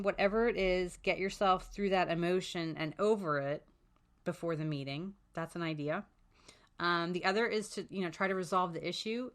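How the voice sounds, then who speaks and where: A woman's voice: lowish voice, a bit bright, smooth. Frank, chatty woman advocate. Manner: frank and chatty, with swearing and many "um"s. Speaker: special education advocate, podcast host. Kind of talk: casual advice talk.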